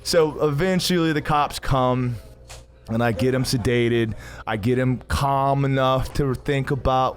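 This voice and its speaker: A podcast co-host at a gym coffee bar tells a rambling, profane story, laughing often during the casual chat. His voice is medium-pitched and unhurried.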